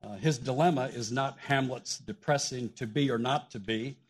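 Husky-voiced man teaching scripture. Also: mid-range voice, moderate pace. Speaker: guest preacher. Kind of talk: shared sermon, scripture teaching. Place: church.

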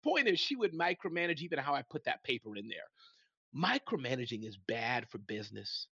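A man's voice: medium pitch, a little fast, gravelly, husky, dry recording. Middle-aged guy hosting a live talk, folksy and pumped, voice swings all over, dry dull audio. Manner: energetic, folksy, addresses listeners directly. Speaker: host. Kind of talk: live business tips talk.

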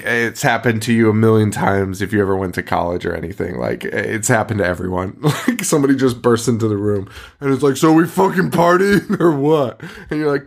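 Laughing, animated male podcast host. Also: mid-range voice. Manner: animated, laughing, swearing, acts out quotes. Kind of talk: casual movie recap chat.

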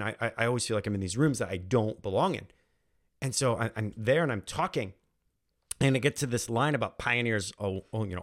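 Earnest man telling his story. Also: on the low side. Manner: earnest, emphatic, repeats phrases for emphasis. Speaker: podcast host and trainer. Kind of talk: personal storytelling monologue.

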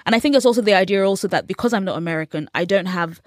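A woman's voice: mid-range voice, rapid-fire, no echo, clean studio sound. An English woman in her thirties, a journalist telling stories in a casual interview and acting out the voices she quotes. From England. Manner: animated storyteller, acts out quoted voices. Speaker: guest, journalist.

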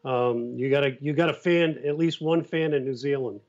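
A man who co-hosts a TV series, telling stories in a relaxed way with "you know" and "uh" fillers. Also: medium pitch, moderate pace. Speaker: TV series co-host. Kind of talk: casual chat. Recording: slightly dull, lo-fi sound.

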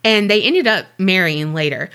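A woman's voice: medium pitch, expressive, moderate pace, bright, forceful tone. A woman co-hosting a podcast, telling a true-crime story in a loose, chatty way with offhand swearing. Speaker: podcast co-host.

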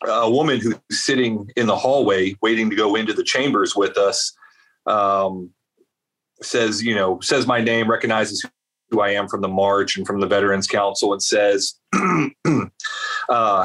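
A man's voice: on the low side, normal speed. A man from South Carolina, a guest in an interview, telling a long story with lots of fillers and asides. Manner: rambling, animated storyteller with many fillers. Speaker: veterans advocate guest.

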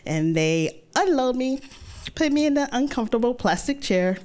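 A woman telling a true personal story to an audience in a lively, conversational way, acting out her own thoughts as she goes. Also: on the high side, normal speed.

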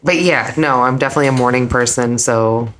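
A woman's voice: a bass voice, a little fast, background noise. A woman comedian chatting casually as a podcast guest, joking with puns and rambling asides. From United States. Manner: joking, punning, rambling with laughs.

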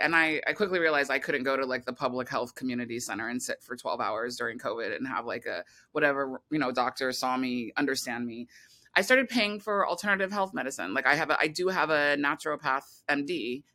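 Interview guest, bright tense tone, rambling, filler-heavy, restarts often. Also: mid-range voice. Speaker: guest filmmaker. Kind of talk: casual interview talk.

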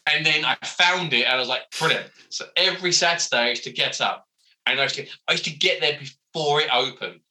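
A man, a comic book writer telling animated, self-mocking stories as an interview guest, full of fillers. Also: on the high side, a little fast, poor audio. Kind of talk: casual interview storytelling.

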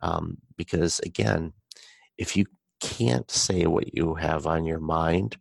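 Male podcast host, very low gravelly voice, unhurried conversational delivery, dry close sound. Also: no room sound. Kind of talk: casual conversation.

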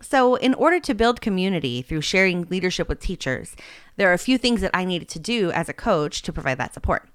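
A woman's voice: fairly low pitch, sing-song, a little fast, smooth, dry recording. A woman hosting an education podcast, explaining coaching practice in an earnest, instructive way with occasional fillers and restarts. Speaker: podcast host and literacy coach. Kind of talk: podcast talk with an ad for her course.

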